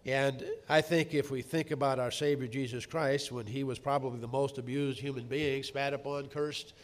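A man's voice: mid-range voice, steady tone. Earnest man preaching a sermon. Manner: earnest, rising to emphatic peaks, slowing to stress words.

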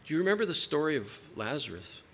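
A man preaching a sermon to a congregation, emphatic, with dramatic pauses. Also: on the high side, big pitch swings, a bit bright, a little hiss or hum.

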